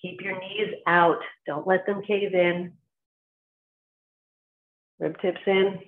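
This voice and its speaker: Her voice is fairly low and steady, moving slowly as she leads qigong with short cues fitted to each movement. The New Jersey-accented instructor sounds tinny, as if over a phone, with slight background noise.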